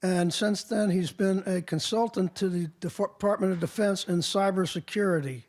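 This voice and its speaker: A man's voice: sits high, fairly even intonation, moderate pace, a little mellow. A man hosting, introducing a guest speaker in a chatty, loose way. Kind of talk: casual introduction.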